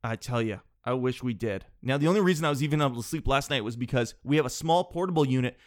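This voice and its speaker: A man's voice: mid-range voice, fast. Sniffly man rambling through a comic rant. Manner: animated, digressive storytelling. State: sniffly with a cold. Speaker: vlogger. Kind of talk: rambling comedic monologue. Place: home office.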